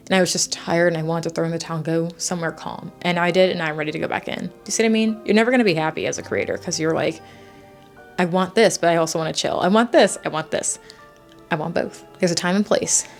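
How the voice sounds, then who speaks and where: Woman in her 20s, lowish voice, vlogger, stressed and chatty, quick emotional spikes. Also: gravelly. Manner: chatty, fast and emotional, with rising outbursts. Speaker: YouTube vlogger. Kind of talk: casual vlog talk to camera.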